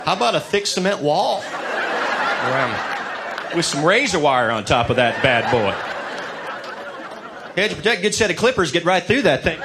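A man's voice: fairly high pitch, sing-song, measured pace, pauses often, background noise. A man performing a stand-up comedy routine on stage, with wry, playful asides. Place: stage before a live audience. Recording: live show with loud crowd laughter.

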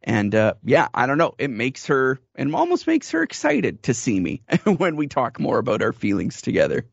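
A reflective man talking about marriage and opening up, laughing easily as he goes. His voice sits at a middle pitch. The sound is dry and a little dull. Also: huge pitch swings, normal speed, vocal fry, husky, no echo. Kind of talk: casual chat about marriage.

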